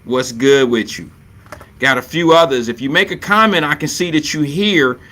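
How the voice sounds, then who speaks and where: A man with a bright, forward voice hosts a laid-back live stream show from a home setup. He chats loosely and playfully, greets viewers by reading their comments, and keeps circling back to his catchphrases. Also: fairly high pitch, moderate pace. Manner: loose and playful, repeats catchphrases, chuckles often.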